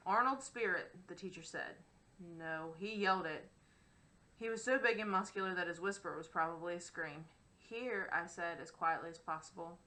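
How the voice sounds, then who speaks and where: A woman reading a first-person novel aloud as an audiobook narrator, in a wry, expressive storytelling manner. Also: fairly low pitch, low-quality recording.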